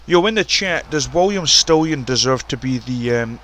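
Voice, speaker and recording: A man giving casual, profane, excitable commentary on a wrestling video game and ranting about the roster. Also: medium pitch, normal speed, a little hiss or hum. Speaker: commentator and show runner.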